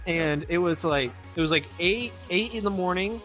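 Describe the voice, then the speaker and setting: A man hosting a casual podcast chat, his voice pitched high and bright. He tells his stories in a loose, rambling way, often restarting his sentences. Faint music plays in the background. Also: normal speed, rough recording. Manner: rambling, self-correcting storyteller. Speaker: podcast host.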